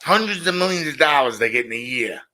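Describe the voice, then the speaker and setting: A man's voice: medium pitch, lively intonation, fast talker, bright, forceful tone. A middle-aged man hosting a casual monologue show, blunt and opinionated, often repeating his points. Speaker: show host.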